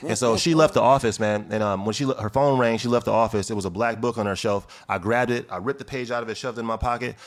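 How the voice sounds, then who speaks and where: A young man from Chicago telling his life story in an interview, animated and emphatic, acting out the people he quotes. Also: mid-range voice, fast, few pauses. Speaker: guest. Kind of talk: storytelling in conversation.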